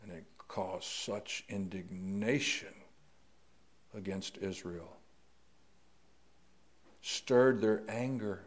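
A middle-aged man preaching a sermon, slow and deliberate, rising to emphatic stress on key words. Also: lowish voice.

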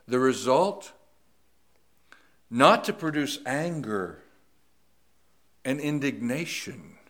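A middle-aged man preaching a sermon, slow and deliberate, rising to emphatic stress on key words. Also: mid-range voice.

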